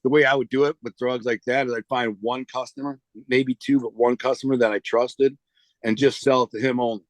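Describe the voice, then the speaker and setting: Brief: man, street slang storyteller, medium pitch, dry close sound. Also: little pitch movement, brisk, no echo. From United States. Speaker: interview guest. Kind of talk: casual storytelling.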